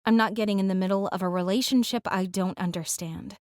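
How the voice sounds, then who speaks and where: A woman narrating a first-person audiobook in a reflective, rueful way, moving quickly through her thoughts. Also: medium pitch, a little mellow, dry recording, studio quality. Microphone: close studio mic.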